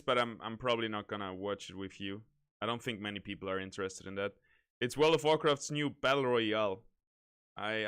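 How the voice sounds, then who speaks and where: A man streaming games, chatting casually in a relaxed, rambling way. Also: mid-range voice, clear, resonant tone. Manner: relaxed, rambling, self-correcting. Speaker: game streamer.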